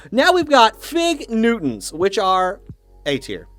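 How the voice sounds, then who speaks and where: Opinionated, swearing man with a lively voice. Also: high voice, takes it slowly, soft background music. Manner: opinionated, profane, mock-dogmatic; rambling with frequent restarts. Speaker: YouTuber ranking snacks. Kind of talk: casual ranting commentary.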